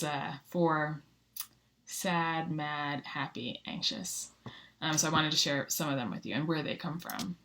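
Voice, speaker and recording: Woman pastor, low-ish voice, chatty check-in tone, lots of ums. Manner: warm conversational, frequent ums and rights. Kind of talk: casual video check-in with congregation.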